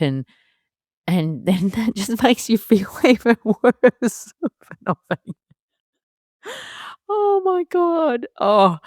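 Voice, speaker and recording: A woman's voice: deep voice, darkish tone, dry recording, studio quality. A woman, hosting a solo parenting podcast and talking candidly and emotionally, laughing through her worries. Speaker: podcast host.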